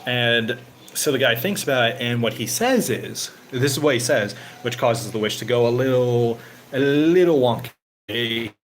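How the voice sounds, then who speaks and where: A channel host with a medium-pitched, animated voice chats casually with viewers at an unhurried pace, rambling and leaning on "you know" fillers. He livens up as he retells stories, and the rough recording has a little hiss or hum.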